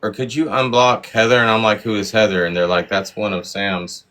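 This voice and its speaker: A man's voice: fairly low pitch, little pitch movement, fairly quick, fairly bright tone. Dry, teasing man on a livestream. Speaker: livestream guest. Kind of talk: casual livestream chat.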